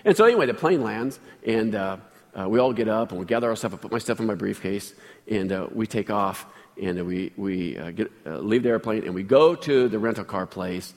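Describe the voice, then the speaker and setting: A man's voice: on the low side, lively intonation, brisk, big-room sound. A man preaching a sermon as pastor, telling a personal story in a chatty way and asking the congregation questions.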